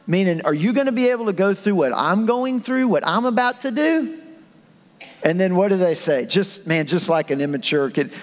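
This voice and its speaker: A man's voice: sits high, expressive, moderate pace. Joking conversational male pastor. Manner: humorous, conversational, acts out scenes. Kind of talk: sermon. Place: church auditorium. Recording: echoey church hall.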